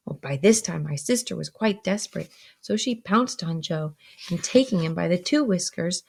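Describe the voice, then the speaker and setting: A woman teacher reads a classic novel aloud and pauses to explain words to her students. Her pitch rises and falls a lot as she reads. Her voice has a gravelly, slightly husky texture. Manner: explains words between passages with fillers.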